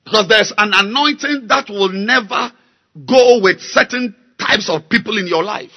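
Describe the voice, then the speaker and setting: A man preaching a sermon, slow and emphatic, repeating key words and building to loud exhortation. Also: high voice. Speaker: pastor.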